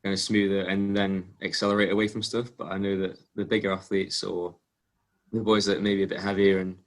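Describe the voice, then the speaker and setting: A young English athlete, appearing as a guest in a casual interview, tells relaxed stories peppered with ums and small restarts. His voice is somewhat low and fairly flat in pitch, and he talks fairly quickly.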